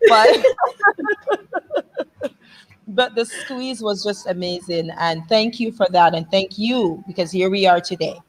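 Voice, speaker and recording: A woman's voice: medium pitch, measured pace, long pauses. A woman with a Canadian accent, a guest in a heartfelt conversation, talking animatedly and laughing often. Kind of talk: emotional conversation.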